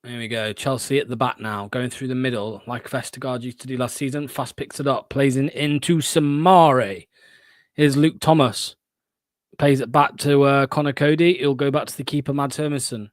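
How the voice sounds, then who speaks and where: A man's voice: mid-range voice, fairly even intonation, normal speed, no echo, studio quality. A young man hosting a fan watchalong, giving live play-by-play with blunt, sarcastic asides and swearing.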